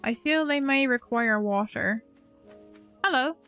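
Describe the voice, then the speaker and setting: A woman streaming a game, chatting gently and playfully to the characters on screen. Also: high-pitched, measured pace. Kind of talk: casual gameplay commentary. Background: faint game music.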